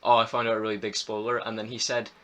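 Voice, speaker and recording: A man's voice: on the low side, monotone, fast talker, fairly bright tone. A teenage boy co-hosting a casual film review podcast, chatty, often restarting his words and swearing offhand. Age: teens. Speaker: podcast co-host.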